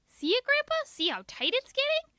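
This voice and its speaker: A woman voicing an excitable, stubborn little schoolgirl who bursts into melodramatic shrieks, read as a storybook. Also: very high voice, moderate pace, no room sound, voice pushed up, exaggerated voice. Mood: insistent.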